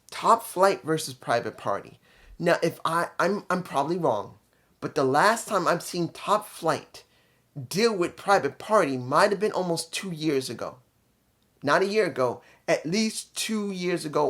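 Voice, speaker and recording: A man's voice: fairly high pitch, fairly bright tone. A man giving a casual spoken review, blunt and opinionated, rambling from point to point. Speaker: wrestling show reviewer.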